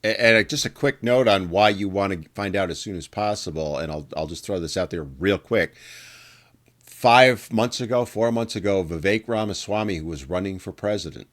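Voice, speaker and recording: A man hosting a podcast interview in a chatty, conversational way, often adding quick asides. His voice sits somewhat low. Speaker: podcast host.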